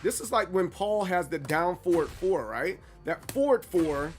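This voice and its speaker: A man casually commenting on his live stream, chatty and animated as he talks to his chat between rounds. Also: sits high, measured pace, soft background music. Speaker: game streamer.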